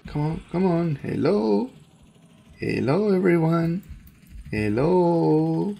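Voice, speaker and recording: Excitable, gravelly gamer voice. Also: medium pitch, very slow, long pauses. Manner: excitable, panicky, laughs often. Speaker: gaming channel host. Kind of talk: gameplay commentary.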